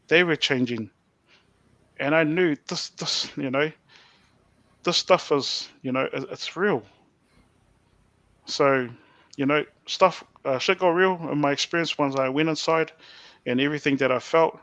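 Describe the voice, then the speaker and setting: A young man with a New Zealand accent, a podcast guest sharing his testimony in a soft, halting way with many fillers. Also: medium pitch, steady tone, no echo. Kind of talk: personal testimony.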